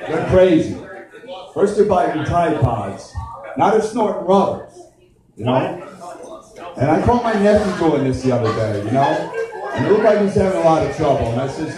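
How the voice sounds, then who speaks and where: A man's voice: on the high side, very animated, moderate pace, long pauses. A man doing crude, rowdy stand-up comedy at a live show. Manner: crude, rowdy joke delivery. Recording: echoey live venue from far off with crowd.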